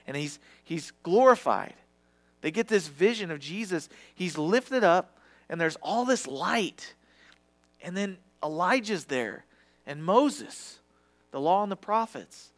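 A man preaching a sermon with passion, swinging from loud to hushed and sometimes stumbling over his words. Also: high-pitched, expressive, takes it slowly.

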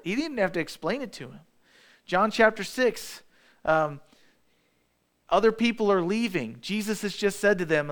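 A man delivers a sermon in a relaxed, conversational storytelling manner. His voice sits a little higher than most men's. He often stumbles and restarts his phrases as he goes. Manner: casual storytelling preaching with restarts. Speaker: preacher.

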